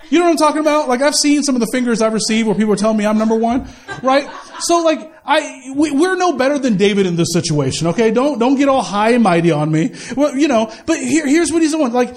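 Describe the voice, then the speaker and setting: High-voiced chatty male preacher. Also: darkish tone. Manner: chatty, slangy, lots of asides and quoted voices. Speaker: pastor. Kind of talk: casual sermon.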